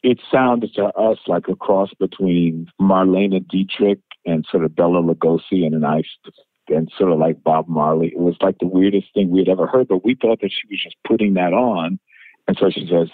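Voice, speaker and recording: Deep-voiced man telling stories over a tinny line. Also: normal speed, dry recording. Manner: animated storyteller, laughs, acts out quotes. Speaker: interviewee, musician. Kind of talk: anecdotal storytelling interview. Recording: tinny phone-like interview line.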